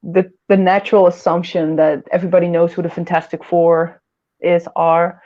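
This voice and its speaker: A woman's voice: on the low side, flat delivery, moderate pace, mellow, highs cut off. A woman hosting a casual livestream chat, rambling and giggling often as she talks. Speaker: host.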